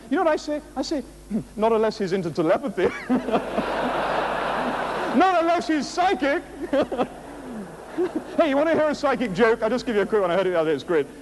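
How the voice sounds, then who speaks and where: Male motivational speaker, high and very expressive voice, jokey storyteller, faint hum on the recording. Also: a little fast, pauses often, low-quality recording. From England. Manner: animated, jokey, rhetorical questions, laughs at his own stories. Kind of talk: motivational speech to an audience.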